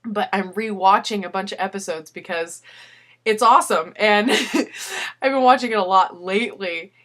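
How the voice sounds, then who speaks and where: A woman's voice: mid-range voice, normal speed, fairly bright tone. A young woman chatting casually in a personal video letter, telling a story and breaking into frequent giggles. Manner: giggly storytelling, laughs often.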